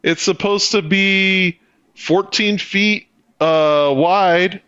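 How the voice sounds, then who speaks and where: A man's voice: high voice, very slow, sharp tone, clear, resonant tone, dry recording, muffled recording. A man telling a story as a podcast co-host, swearing freely and laughing as he goes. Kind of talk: casual profane storytelling.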